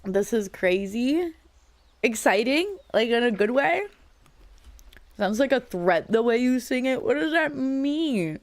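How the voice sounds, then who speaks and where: A woman's voice: fairly high pitch, expressive, slow pace, no room sound. A young adult woman live streamer in casual, rambling chat with her viewers, laughing often, her voice cracking a little.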